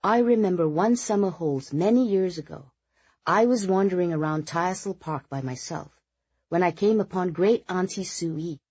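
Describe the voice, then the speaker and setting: A woman's voice: fairly low pitch, normal speed, a little mellow, husky, dry recording, muffled recording, voice pushed up. A narrator voicing a young woman fondly reminiscing about childhood. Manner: fond, reminiscing. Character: young woman fondly recalling a great-aunt.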